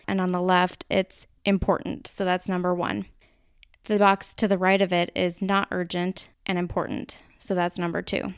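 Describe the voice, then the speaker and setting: A woman's voice: mid-range voice, clear, resonant tone, dry recording, clean studio sound. A woman with a Minnesota accent hosting a podcast, explaining ideas in a chatty, casual way with the odd swear word. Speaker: podcast host.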